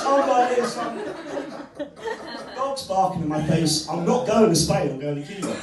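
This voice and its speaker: A man does stand-up in a club, telling wry, self-deprecating stories and bantering with the crowd. His fairly high voice is very animated at a moderate pace. The audio is echoey, with the crowd audible and the mic far away.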